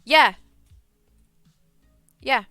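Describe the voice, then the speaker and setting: A livestreamer chats while playing a game, telling a meandering story packed with restarts and repeated words. She speaks extremely slowly in a bright, forceful tone, with no echo and soft music in the background.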